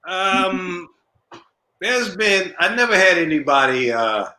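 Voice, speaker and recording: A middle-aged male comedian chats as an interview guest, spinning stories and laughing at his own punchlines. His voice is bright and very expressive, and the room around him is noticeably echoey. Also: sits high, slow pace, a little hiss or hum. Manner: animated storyteller who laughs at his own jokes. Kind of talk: casual interview storytelling. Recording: roomy echo.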